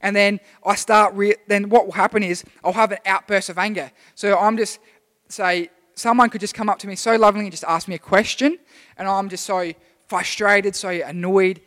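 A young youth preacher with a high, slightly bright voice gives a casual sermon to a church group at normal speed and in a steady tone. He's chatty and rambling, with lots of restarts, and a long hall reverb trails his words.

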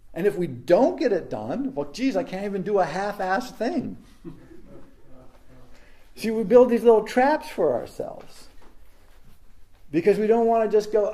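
Animated high-voiced man, mellow tone. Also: moderate pace, long pauses. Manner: animated storytelling, acts out quotes. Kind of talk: casual reflective talk.

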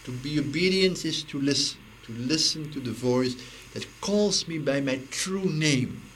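A man giving an intimate, reflective spiritual talk, earnest and halting, often repeating words as he searches for them, and dropping to a near hush at times. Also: on the high side, low-quality recording. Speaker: spiritual speaker. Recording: faint hiss, personal audio recording.

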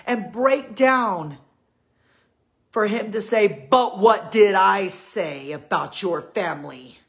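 A woman's voice: fairly high pitch, a bit bright. A woman giving a heartfelt faith talk to her women followers, earnest and pleading, repeating her key lines for emphasis. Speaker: Christian women's encourager.

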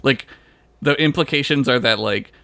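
A man's voice: medium pitch, normal speed, creaky, bright, forceful tone, no room sound. A man co-hosting a casual podcast, laid-back and jokey, full of "like" fillers and the odd swear word. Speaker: podcast co-host. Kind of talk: casual chat.

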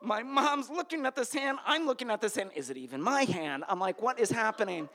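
A man from Connecticut telling a comic personal story on stage, his voice jumping high whenever he gets flustered. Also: a little fast. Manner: animated, voice jumps high when flustered.

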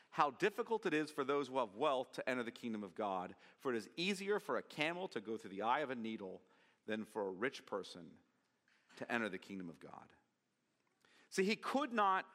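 A man's voice: mid-range voice, bright, forceful tone, big-room sound. A man preaching a sermon as pastor, reading scripture aloud and posing rhetorical questions to the congregation. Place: church sanctuary.

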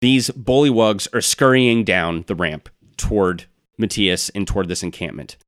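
A man running a tabletop role-playing game, narrating scenes in a measured, descriptive way. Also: on the low side, dry recording, studio quality. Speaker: game master.

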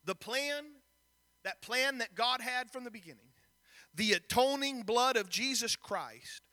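A man delivers a sermon from a church pulpit. His voice sits very high and sounds bright and cutting as he reads scripture and throws questions at the congregation. A long reverb from the hall trails behind each phrase. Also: animated, a little slow. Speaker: pastor. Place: church sanctuary.

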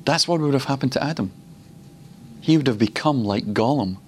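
A man from Glasgow giving a teaching sermon at a ministry school, telling stories and slowing down to repeat words for emphasis. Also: medium pitch, expressive, a little hiss or hum. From Glasgow, Scotland.

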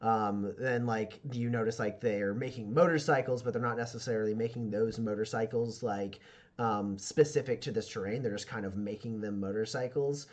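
A man's voice: on the low side, moderate pace. A man narrating as game master, rambling with many fillers and restarts.

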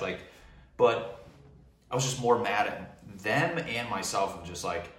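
Young man, casual venting monologue, swears a lot, rambling and worked up, lowish voice, roomy echo, sitting back from the mic. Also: moderate pace, bright, forceful tone, distant mic. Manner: profane, heated and rambling. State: drinking wine. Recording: echoey room, voice off-mic.

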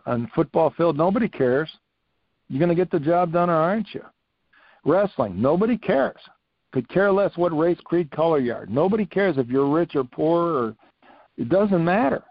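Older gravelly-voiced man telling stories. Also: a little high, moderate pace, no room sound, lo-fi sound. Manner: animated storyteller, repeats phrases, laughs. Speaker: retired coach, podcast guest. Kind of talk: casual storytelling interview.

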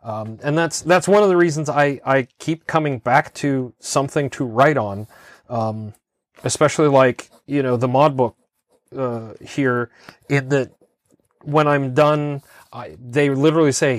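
In clean studio sound with no echo, a man co-hosting a podcast chats casually in a mid-range voice. He is unhurried and easygoing, hesitating often and using lots of fillers.

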